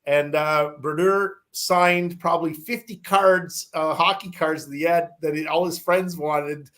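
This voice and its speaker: A man's voice: fairly high pitch, fairly even intonation, unhurried, fairly bright tone. A man telling a long casual story, rambling with many restarts, fillers and some swearing.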